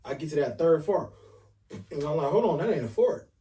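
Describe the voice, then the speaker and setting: A man casually telling an animated, profane story on a podcast, acting out the dialogue as he goes. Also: a little high, a little fast. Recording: voice a bit far from the mic.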